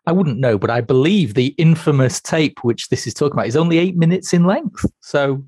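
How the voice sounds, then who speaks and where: A co-host in a casual chat, wry and deadpan. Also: mid-range voice, brisk, husky, no echo, clean studio sound. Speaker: podcast co-host.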